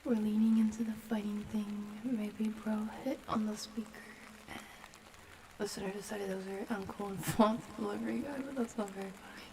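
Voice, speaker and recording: A young adult woman streaming, chatting playfully and slipping into soft whispers at a close microphone. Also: medium pitch, fairly even intonation, a little fast, a little hiss or hum. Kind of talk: casual ASMR chat.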